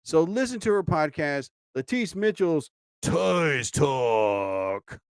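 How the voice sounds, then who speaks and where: A rambling, chatty man hosts his own live show, his slightly high voice smooth and clear. He talks close to the mic in a dry space, drifting through asides and filler. The feel is loose and unscripted. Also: expressive, takes it slowly, no room sound. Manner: rambling, chatty, many "you know" asides. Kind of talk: casual live-stream monologue.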